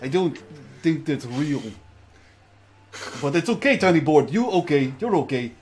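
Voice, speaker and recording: A man's voice: on the high side, expressive, a little slow, a little mellow, slight background noise. Man role-playing in blunt broken English. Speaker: player. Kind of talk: in-character role-play.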